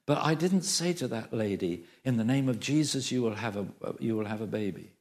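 A man's voice: medium pitch, lively intonation, fairly quick, darkish tone. A man preaching a sermon, emphatic, repeating phrases for stress and asking the congregation questions.

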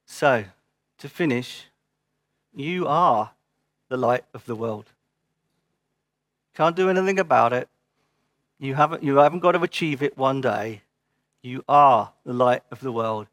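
A man's voice: medium pitch, a bit bright, dry recording. A man preaching a sermon as pastor, earnest and emphatic, repeating short phrases, then giving church notices.

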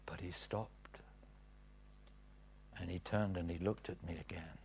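A man preaching a testimony in a sermon, swinging from hushed whispers to loud cries. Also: deep voice, steady tone, a little slow, gravelly, a little hiss or hum. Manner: dramatic swings from whispers to shouts.

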